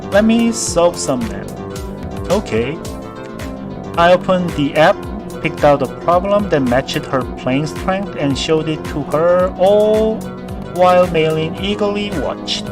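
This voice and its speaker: A man's voice: high voice, slow pace. A man streaming, reading a visual novel aloud with playful joking asides. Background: background music.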